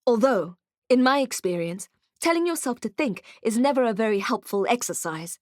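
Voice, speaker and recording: A woman reading an audiobook in first person with wry, expressive storytelling. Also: fairly high pitch, normal speed, dry recording, studio quality. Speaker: audiobook narrator. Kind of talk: scripted first-person narration.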